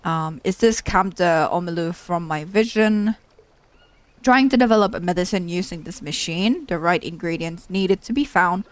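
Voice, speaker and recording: A woman giving casual let's play commentary with a somewhat low voice. She chats along as she plays and repeats her exclamations when something startles her. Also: moderate pace, no room sound.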